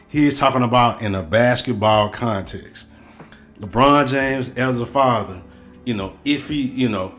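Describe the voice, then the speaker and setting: A man's voice: medium pitch, a bit bright. A man hosting a sports show, ranting in a heated, profane, repetitive way. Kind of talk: sports commentary rant.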